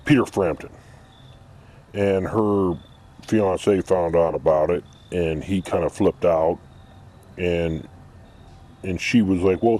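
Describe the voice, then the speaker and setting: Blunt, rambling man with a low voice. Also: warm tone. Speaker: vlogger. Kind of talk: casual opinion monologue.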